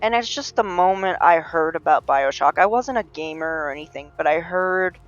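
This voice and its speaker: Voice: mid-range voice, lively intonation, moderate pace, a bit bright, lo-fi sound. A game streamer giving casual, rambling live commentary with lots of fillers and restarts. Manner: rambling, chatty, many fillers and restarts, laughs at own jokes.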